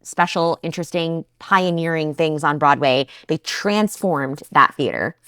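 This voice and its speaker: A woman's voice: low voice, measured pace, fairly bright tone, no echo, studio quality. A woman from New Jersey co-hosting a casual podcast chat, enthusiastic and chatty with frequent fillers. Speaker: co-host.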